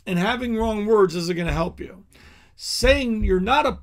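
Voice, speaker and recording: A man's voice: sits high, slow, creaky, a bit bright. A middle-aged male pastor giving a candid teaching talk, telling personal stories with frequent asides and restarts.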